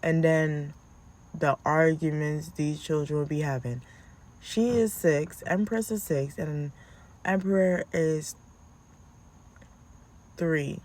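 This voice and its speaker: A woman telling casual, animated stories as a podcast host, acting out how she scolds her kids. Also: low-pitched, slow pace, long pauses. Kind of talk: casual storytelling.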